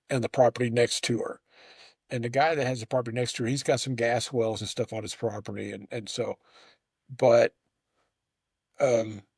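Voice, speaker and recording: Male host, rambling conversational storyteller, stammers and restarts, mid-pitched, dry close sound. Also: creaky, husky, no echo. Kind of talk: casual conversation.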